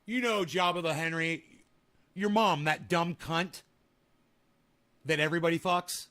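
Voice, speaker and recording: A man's voice: fairly high pitch, steady tone, measured pace, bright, forceful tone. A man hosting a casual livestream, reading viewer comments and trash-talking in a crude, taunting way. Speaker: livestream host.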